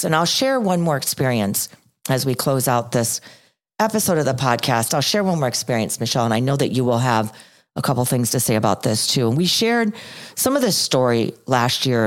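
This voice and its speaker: A middle-aged woman co-hosting a podcast, her voice sitting unusually deep for a woman. She speaks earnestly and reflectively, circling back to key phrases to drive them home. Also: expressive, brisk. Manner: earnest, repeats phrases for emphasis. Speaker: podcast co-host.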